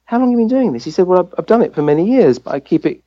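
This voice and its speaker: An English man recounts a personal story as an interview guest. His pitch swings widely as he acts out the voices of people he quotes. The recording is dull and lo-fi. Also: very fast. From England. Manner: lively anecdote-telling, acting out quoted voices. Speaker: guest, family physician.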